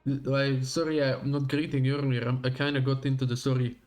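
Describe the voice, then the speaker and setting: A man's voice: medium pitch, little pitch movement, fairly quick, darkish tone. A male streamer chatting casually and teasingly with his live chat between story reading.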